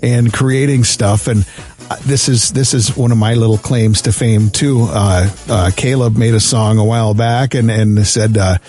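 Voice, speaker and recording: A man's voice: on the low side, steady tone, darkish tone, faint music behind. A man hosting a live radio interview, upbeat and firing off questions one after another. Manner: upbeat, asks questions in quick strings. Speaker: radio show host. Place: radio studio.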